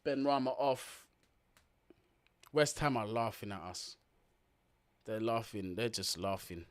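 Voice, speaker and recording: A man's voice: fairly low pitch, slow pace. A man hosting a football watch-along, giving blunt, slangy live commentary, swearing freely and talking straight to his viewers.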